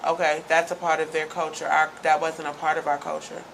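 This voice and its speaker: Talk host, gravelly, emphatic and argumentative, stammers into points. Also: medium pitch, completely flat delivery, brisk, fairly bright tone, a little hiss or hum, poor audio. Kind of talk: casual debate and show sign-off.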